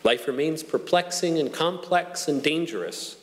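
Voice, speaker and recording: A man preaching an Easter-morning sermon in a measured, earnest way, with slow emphatic pauses. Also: on the high side, a bit bright, a little hiss or hum. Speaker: pastor. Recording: long hall reverb.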